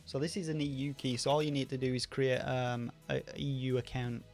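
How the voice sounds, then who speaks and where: A man with a softened Rochdale accent hosts a casual livestream, answering viewers in a loose, rambling way full of ums and restarts. His pitch sits in an ordinary middle range but barely moves, giving a flat, even delivery. Faint music plays quietly underneath. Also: a little fast. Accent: Rochdale, Greater Manchester, softened. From Northern England. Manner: rambling, many fillers and restarts. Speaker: channel host answering viewer questions.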